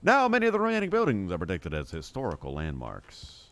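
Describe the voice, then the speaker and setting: A man's voice: deep voice, huge pitch swings, quick pace, a bit bright, no echo, heavily acted. A man putting on an exaggerated mock-British accent to read a passage aloud. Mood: hammy. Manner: hammy, exaggerated.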